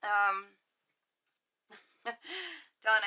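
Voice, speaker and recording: A woman's voice: on the high side, lively intonation, takes it slowly. A middle-aged woman hosting a casual livestream from her home office, chatting on and gushing at her viewers with frequent laughs. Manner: effusive, gushing and warm toward viewers. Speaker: livestream host and psychic reader. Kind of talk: casual livestream chat reading viewer comments.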